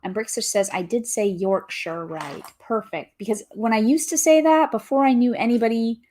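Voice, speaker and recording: A woman's voice: a little high, moderate pace, mellow. Cheery young woman, livestream host, chatty, reading out viewer comments. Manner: upbeat, reads viewer comments aloud. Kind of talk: casual livestream chat.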